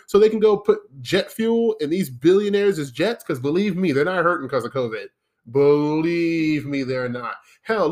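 Exasperated man ranting. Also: a little high. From United States. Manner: exasperated, profane, rambling. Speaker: podcast host. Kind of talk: ranting solo podcast monologue.

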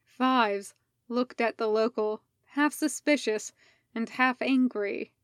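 A woman reading a fan fiction story aloud as narrator, slow and deliberate. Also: fairly high pitch, no echo, studio quality. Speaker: podfic reader.

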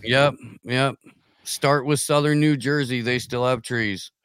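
A man in casual podcast chat who gives blunt opinions in halting bursts full of fillers. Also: medium pitch, fairly even intonation, fairly bright tone, clear, resonant tone, no echo, clean studio sound.

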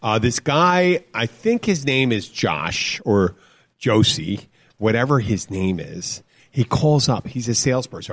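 A man hosts a podcast in a relaxed, easy voice, dropping in quick interjections and then taking over to tell his own story. He speaks casually and conversationally. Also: medium pitch. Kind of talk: casual chat.

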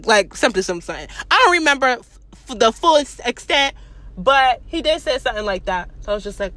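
A woman's voice: a little high, very animated, quick pace, pushed and bright, no echo. A young woman who is sick, chatting casually from her car while driving, with blunt, profane, rambling talk. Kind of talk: casual chat. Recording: road noise from a moving car.

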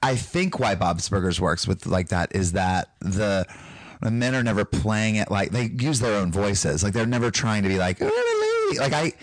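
A man from North Carolina with a Southern accent, chatting casually as a podcast guest and slipping into quick mock voices. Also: lowish voice, dry recording.

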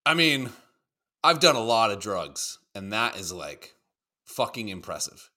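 Animated, profane man hosting a stream. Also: on the low side, measured pace. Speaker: co-host. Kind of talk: casual livestream video reaction chat.

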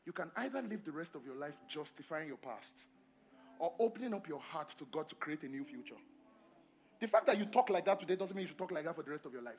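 High-voiced man preaching emphatically. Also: animated, quick pace, a little hiss or hum. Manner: emphatic, swings between loud exhortation and quiet asides; repeats phrases and asks the congregation questions. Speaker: pastor. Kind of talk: sermon. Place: church service.

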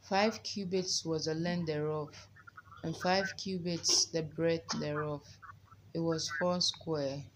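Slow, low-voiced woman preacher. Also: steady tone, noisy background. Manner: slow, reverent, with frequent amens and hallelujahs. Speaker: prayer leader. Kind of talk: informal sermon and Bible reading.

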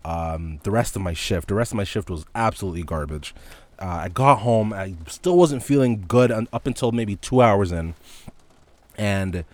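A man's voice: on the low side, moderate pace, a little mellow, dry recording. A young man hosting a casual solo podcast, ranting in an exasperated, profane way and laughing between points. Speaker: podcast host. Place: indoors with heavy rain outside.

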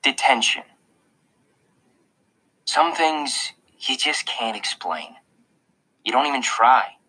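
Expressive male audiobook narrator. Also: medium pitch, slow, low-quality recording. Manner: expressive, storytelling delivery. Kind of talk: first-person audiobook narration.

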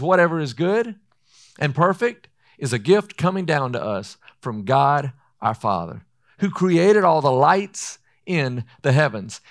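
Man, preacher, earnest sermon voice, slightly high pitch, slow scripture reading. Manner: earnest, often says "listen".

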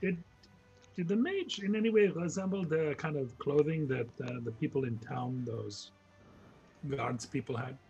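A man's voice: fairly high pitch, moderate pace, gravelly, darkish tone, dull audio, faint music behind. Curious player man. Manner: curious, asks many questions. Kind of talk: tabletop game chat.

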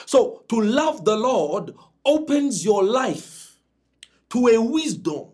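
A man preaching a sermon to a congregation with emphatic delivery and dramatic swings in pitch. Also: sing-song, takes it slowly, a little mellow, breathy edge.

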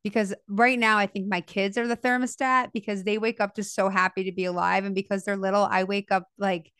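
Gushy thirtysomething woman host, smooth clear voice, dry close sound. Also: mid-range voice, level tone, brisk, fairly bright tone, no echo. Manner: effusive, emotional, gushing. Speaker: podcast host. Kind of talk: conversational interview.

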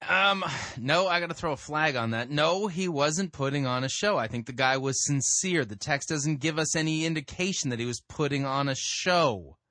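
A man's voice: on the high side, normal speed, few pauses, sharp tone, no echo. A man hosting a sermon-review program, cutting in with blunt corrections and explaining the text. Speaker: podcast host reviewing sermons. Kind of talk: critical commentary.

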